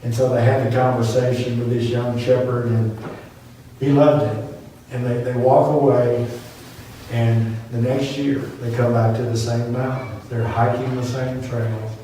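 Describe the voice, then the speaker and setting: A man's voice: mid-range voice, flat delivery, measured pace, mellow, slight background noise. A man preaching a sermon, telling a story with earnest, repeated emphatic phrases. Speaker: pastor. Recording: very echoey room from far off.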